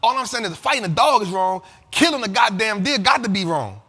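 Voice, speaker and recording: High, forceful man talking in a reverby space. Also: a little fast, breathy edge. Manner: animated and profane, keeps asking "you feel me?". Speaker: host of a money and investing show. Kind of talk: casual commentary.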